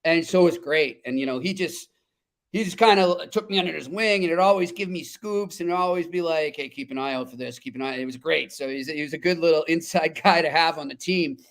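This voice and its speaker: Man, hockey show host, casual chat, storytelling, slightly high voice, easy laughs. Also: a little fast, fairly bright tone. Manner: chatty storyteller, laughs easily. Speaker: podcast host. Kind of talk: casual sports talk.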